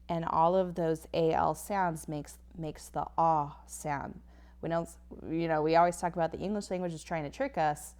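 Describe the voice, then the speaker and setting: A woman teaching a phonics lesson over slides, patiently sounding out each word. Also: low voice. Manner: slow, patient, sounds words out. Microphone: tablet whiteboard recording.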